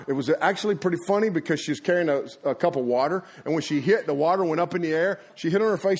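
A middle-aged man preaching a sermon, folksy and animated, laughing at his own stories and acting out sounds. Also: high-pitched, quick pace, few pauses, breathy edge. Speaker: pastor. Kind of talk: energetic sermon storytelling. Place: church before a congregation.

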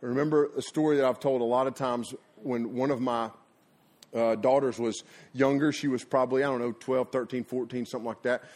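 A middle-aged man preaching a sermon, folksy and animated, laughing at his own stories and acting out sounds. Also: mid-range voice, brisk. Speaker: pastor. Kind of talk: energetic sermon storytelling. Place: church before a congregation.

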